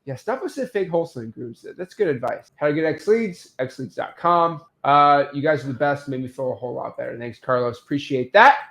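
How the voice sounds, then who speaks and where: A man hosting a casual livestream, answering viewer questions and telling stories in an upbeat, animated way. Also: mid-range voice, brisk, gravelly, hardly any pauses.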